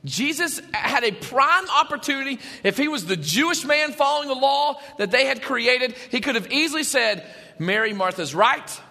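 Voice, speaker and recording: A man preaching a sermon as pastor, animated, shouting at times and dropping to a hush. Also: very high-pitched, moderate pace, hardly any pauses, long reverb tail.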